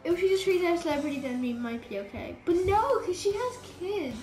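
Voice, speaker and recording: A woman's voice: extremely high pitch, big pitch swings, a little fast, darkish tone. A woman giving casual game commentary, rambling and exasperated, with lots of filler words. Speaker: gamer. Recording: roomy echo with game music. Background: game music.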